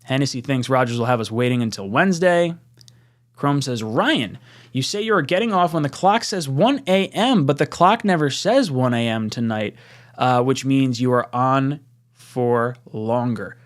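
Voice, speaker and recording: Excitable young man hosting a live stream. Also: moderate pace. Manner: excitable, laughs often, jumps into higher pitch when reading chat. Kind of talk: casual live stream chat reading viewer comments.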